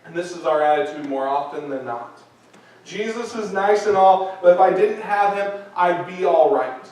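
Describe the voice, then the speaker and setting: A man with a high, light voice preaches a sermon, driving his points home by repeating them and acting out little quoted speeches. He sounds as if he is well away from the microphone, and the church around him rings with strong echo. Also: normal speed, a little mellow. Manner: earnest, repetitive preaching with acted-out quotes. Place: church sanctuary. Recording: echoey church hall from a distance.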